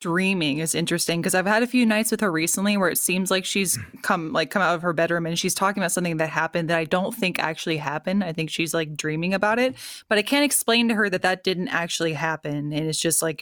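Woman chatting on a podcast, lowish voice, dry close mic. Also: a bit bright, dry recording. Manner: chatty, quick questions. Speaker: podcast co-host. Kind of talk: casual chat.

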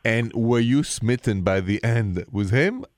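A man's voice: mid-range voice, lively intonation, a little slow, dry recording, clean studio sound. A man with a French accent hosting a radio advice call-in show, telling stories in a chatty manner. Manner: chatty, warm greetings, storytelling.

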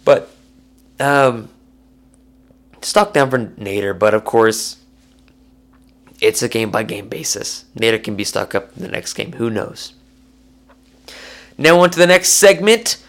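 A young man hosting a solo sports podcast, talking casually in jokey rants that swing between excited highs and low mumbles. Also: unhurried, pauses often.

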